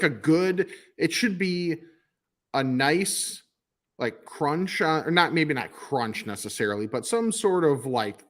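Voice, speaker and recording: A man's voice: medium pitch, fairly bright tone. A man co-hosting a podcast in casual chat, jokey and self-deprecating, recorded in a studio with video cameras. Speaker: podcast co-host.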